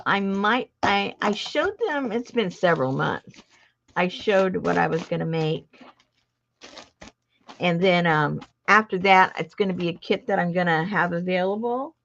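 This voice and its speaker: A woman's voice: lowish voice, measured pace, vocal fry, fairly bright tone, muffled recording. A woman hosting a casual crafting livestream, chatting in a rambling, self-interrupting way. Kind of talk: casual chat while crafting.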